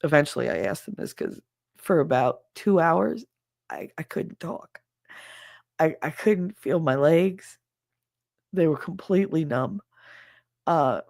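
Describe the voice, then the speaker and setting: Middle-aged woman rambling thru a story on her podcast, gravelly voice, dry close sound. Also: low-pitched, darkish tone, dry recording. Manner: rambling, heavy use of "like" and "he said". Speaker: podcast host. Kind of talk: casual storytelling.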